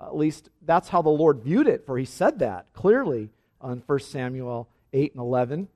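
A man reading a Bible passage aloud and then preaching on it in a measured, earnest way. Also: medium pitch, big pitch swings, mellow. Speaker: pastor. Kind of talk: scripture reading and sermon.

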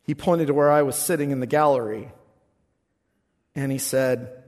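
A man preaching a sermon as pastor, moving from quiet, reflective talk to loud, shouted passages. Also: medium pitch, moderate pace. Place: church. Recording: long reverb in a church hall.

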